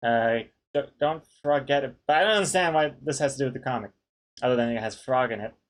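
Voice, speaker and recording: Man, casual streamer, jokey, reads chat aloud, laughs a lot, middle pitch. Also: fast talker. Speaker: streamer reading viewer suggestions.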